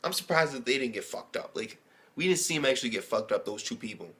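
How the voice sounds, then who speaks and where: A man giving a casual, rambling recap of an anime episode as a reviewer, excitable and swearing heavily. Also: medium pitch, fast. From United States.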